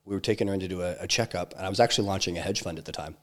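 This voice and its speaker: A man being interviewed, telling a personal story in a halting way, full of restarts and fillers. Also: deep voice. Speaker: interview guest, entrepreneur.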